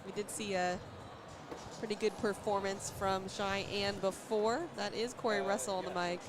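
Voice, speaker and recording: A woman's voice: medium pitch, steady tone, moderate pace, over music. An American woman doing casual, teasing play-by-play commentary at a cornhole tournament, laughing often. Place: tournament venue. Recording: noisy event venue.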